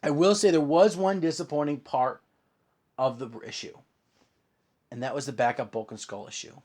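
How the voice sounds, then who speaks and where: A man's voice: on the high side, fairly even intonation, normal speed, a little mellow. A man co-hosting a casual comic podcast, talking animatedly and acting out characters in playful voices. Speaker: podcast co-host. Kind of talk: casual chat.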